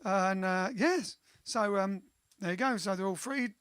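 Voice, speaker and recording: A man from England hosting a casual livestream, chatting and joking quickly between songs. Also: high voice, fairly bright tone, clear, resonant tone. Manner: chatty, joking, rapid asides. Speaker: band singer and host. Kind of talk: casual livestream chat and singing.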